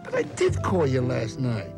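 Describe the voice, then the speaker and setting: An actor playing a loud, wisecracking, self-pitying middle-aged talent agent in a 1970s television drama. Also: male voice, medium pitch, wildly swooping pitch, normal speed, creaky, over loud music. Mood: regretful. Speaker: theatrical agent.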